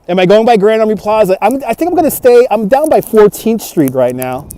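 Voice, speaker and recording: Casual New male livestream host, slightly high and mellow, phone on gimbal, chatting with viewers. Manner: chatty, reads out and answers viewer comments, laughs often. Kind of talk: casual walking livestream chat. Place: outdoors in a snowy park at dusk. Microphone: phone on a handheld gimbal.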